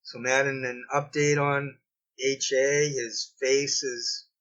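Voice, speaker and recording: A man with a Boston accent rambles through a solo commentary, conspiratorial and digressive. His voice comes across bright and sharp. The home recording sounds dull and lo-fi. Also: mid-range voice, little pitch movement, slow pace. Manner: conspiratorial, digressive, second-guesses himself mid-sentence. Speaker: video commentator.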